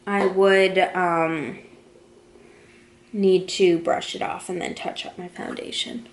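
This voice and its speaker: A woman's voice: fairly low pitch, flat delivery, slow, a little hiss or hum. A woman casually talking through a makeup tutorial, describing each step as she applies it. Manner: chatty, talks through each step while applying makeup. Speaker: beauty vlogger. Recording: echoey room.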